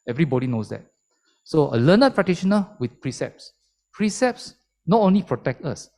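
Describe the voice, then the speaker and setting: Animated lay Dhamma speaker. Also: male voice, a little high, moderate pace. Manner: animated and emphatic, explaining step by step. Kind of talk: Buddhist sermon.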